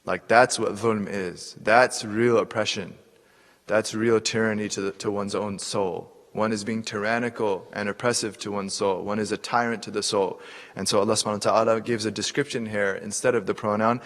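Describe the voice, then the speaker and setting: Low-voiced man lecturing on scripture. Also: steady tone, a bit bright, long reverb tail. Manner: explains slowly, repeats and restarts words, recites Arabic verses quickly. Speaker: Islamic scholar teaching Quran exegesis. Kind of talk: classroom lecture.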